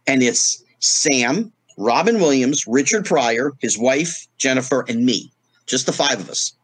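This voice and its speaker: A man's voice: mid-range voice, unhurried, breathy edge, no room sound. A middle-aged man, a guest in a casual interview, telling stories and acting out the voices of the people in them. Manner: animated storyteller acting out quoted voices.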